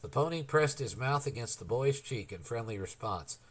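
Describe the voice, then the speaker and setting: A man narrating a novel as an audiobook in an expressive storytelling manner. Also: medium pitch, moderate pace, breathy edge. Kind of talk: scripted narration.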